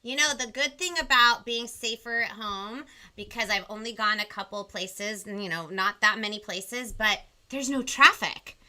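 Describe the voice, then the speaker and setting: Bubbly, bright-voiced kids' show host. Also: female voice, medium pitch, moderate pace, few pauses. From Southern California. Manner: bubbly, counts along, switches between English and Spanish. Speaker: host of a children's bilingual show. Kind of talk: live-stream kids' show hosting. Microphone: video call.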